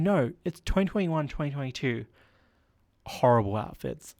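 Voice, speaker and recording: A man's voice: medium pitch, expressive, moderate pace, darkish tone. A young man hosting a solo podcast, rambling casually with lots of filler words while he feels unwell. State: unwell with a headache. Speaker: podcast host.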